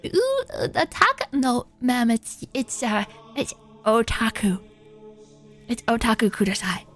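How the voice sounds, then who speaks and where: Brief: a woman playing a nervous nerdy teen boy, stammering and hesitant, voice jumping high. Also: huge pitch swings, unhurried, fairly bright tone, faint music behind, heavily acted. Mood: flustered. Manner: stammering, hesitant, repeating himself. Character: flustered nerdy teen boy correcting a teacher.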